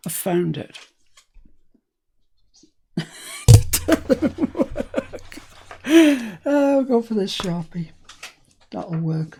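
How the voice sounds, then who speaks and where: A woman's voice: deep voice, gravelly, noisy background. A woman hosting a casual craft tutorial at a cluttered desk, chatting and muttering to herself as she works. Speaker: craft channel host.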